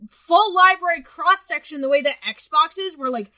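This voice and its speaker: A young woman co-hosting a casual podcast, ranting with lots of swearing and animated outbursts. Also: very high-pitched, normal speed. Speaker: podcast co-host. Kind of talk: casual chat.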